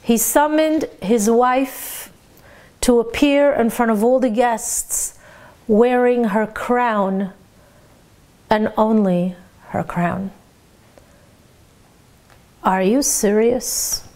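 A middle-aged woman teaching a lively Torah lecture, animated, asking rhetorical questions and dropping in Hebrew terms. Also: fairly high pitch, extremely slow, pauses often.

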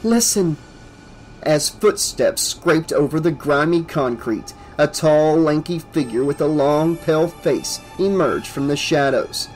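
A man reading aloud as the narrator of a horror audiobook, in a steady, measured way. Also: a little high, faint music behind, rough recording. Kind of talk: scripted narration.

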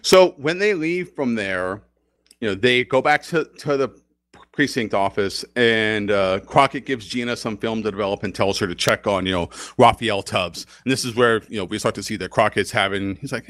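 A man's voice: mid-range voice, moderate pace, a bit bright, no echo. A man co-hosting a podcast, recapping a TV episode in casual, rambling chat and laughing often. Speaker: podcast co-host.

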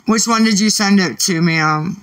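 A woman's voice: medium pitch, normal speed, a bit bright, distant mic. A woman livestreaming late at night, irritated and swearing as she argues back at her chat.

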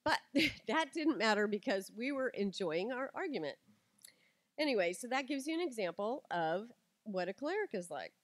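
A middle-aged woman giving a lively talk to an audience, telling stories and acting out quotes with animation. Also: on the high side, normal speed, no room sound. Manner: animated storytelling, acts out quotes.

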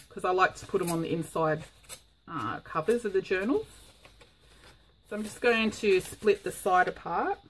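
A woman talks through a crafting project in a casual vlog. She rambles in a chatty way, filling gaps with ums, at a middling pitch. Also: slight background noise, rough recording. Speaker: craft vlogger.

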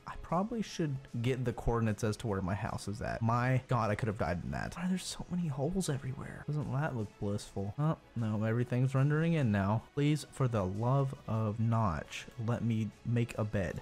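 A man's voice: medium pitch, a little mellow. A man commentating his own gameplay, jumpy and self-mocking, talking to the creatures on screen. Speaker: gaming streamer. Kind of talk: let's play commentary.

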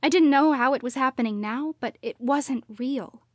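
A woman narrating a first-person audiobook in a hushed voice that often drops to a whisper. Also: high voice, normal speed, no room sound, clean studio sound.

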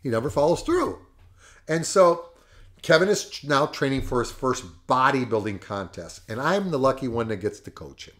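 A man hosting a podcast, telling a coaching story in a lively, emphatic way and laughing often. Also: medium pitch, normal speed. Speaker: podcast host and fitness coach. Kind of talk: casual storytelling.

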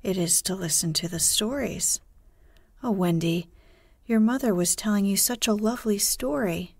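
A woman voicing Peter Pan, a cocky, sly boy who never grows up, in a soft, breathy, hushed storybook reading. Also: medium pitch, moderate pace, no room sound. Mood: wistful.

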